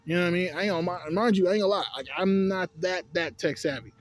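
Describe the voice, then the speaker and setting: A man's voice: sits high, racing. Profane, exasperated man ranting. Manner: profane, exasperated, laughing asides. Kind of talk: casual storytelling rant.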